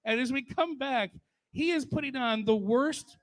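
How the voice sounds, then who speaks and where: A man's voice: very high-pitched, normal speed. A man in his forties doing crude, profane stand-up storytelling at a memorial. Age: 40s. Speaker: stand-up comedian.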